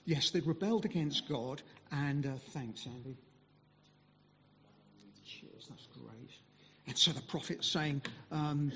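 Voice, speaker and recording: A man speaking as a visiting mission speaker, giving a conversational sermon full of pauses and fillers. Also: on the high side, fairly bright tone, big-room sound. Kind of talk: sermon talk.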